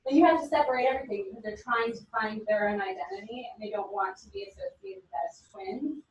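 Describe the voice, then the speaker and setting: A woman in her forties teaching a class, animated and telling stories with quoted voices. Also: fairly high pitch, fast talker, a little hiss or hum. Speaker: instructor. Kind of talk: classroom lecture. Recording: echoey room from a distance.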